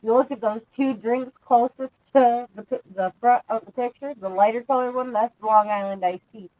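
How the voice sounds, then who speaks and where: Woman streamer, 30s, slightly high voice, loose and profane, laughs through her stories. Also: steady tone, normal speed, a little mellow, dry recording, rough recording. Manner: laughing, crude, rambling storyteller. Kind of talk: casual group chat.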